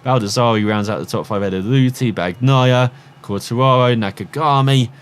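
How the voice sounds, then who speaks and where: A man's voice: medium pitch, brisk, clear, resonant tone. Man calling a video game race. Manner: excited commentary on the race, then relaxed rambling results rundown. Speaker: gaming commentator. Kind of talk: mock race commentary over gameplay.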